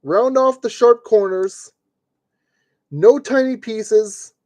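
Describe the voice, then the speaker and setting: A man with a mellow, darker tone keeps up a running commentary while he streams a model kit build. He grumbles at fiddly parts and jokes to himself as he works, in the loose way of a live stream. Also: sits high, slow, no echo. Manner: grumbling, joking self-talk while working.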